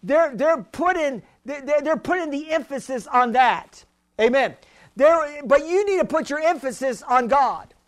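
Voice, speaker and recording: High-pitched guy preaching hard, repeats himself, asks the church for a witness. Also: animated, a little slow. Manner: fervent, repeats phrases, calls for response. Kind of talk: sermon.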